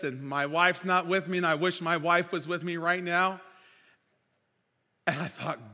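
A man preaching a sermon as pastor, impassioned, swinging between loud declarations and quiet storytelling. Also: sits high, normal speed. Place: church sanctuary. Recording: reverberant church hall.

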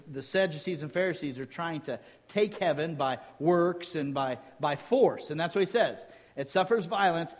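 High-voiced preacher in a reverberant hall. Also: male voice. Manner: lively teaching tone, quizzes the listeners with rhetorical questions, jokes in between. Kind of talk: sermon.

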